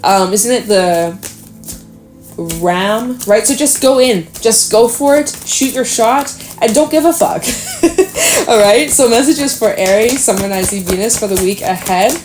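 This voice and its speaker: A woman's voice: medium pitch, a little slow, darkish tone, soft background music. Lady doing a pep-talk tarot reading, punchy and casual, bit of echo off the room. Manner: encouraging, emphatic, swears casually. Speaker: tarot reader. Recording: echoey room.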